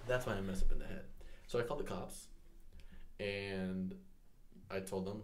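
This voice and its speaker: A man's voice: low voice, fairly even intonation, unhurried, pauses often, noisy background. A man co-hosting a podcast, telling a rambling childhood story in casual chat and laughing as he goes. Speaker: podcast co-host.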